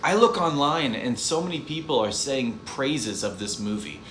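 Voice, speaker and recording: A man's voice: mid-range voice, normal speed, a bit bright. A man ranting casually in a movie review vlog, exasperated and rambling, often repeating his words. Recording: echoey room, faint background hiss.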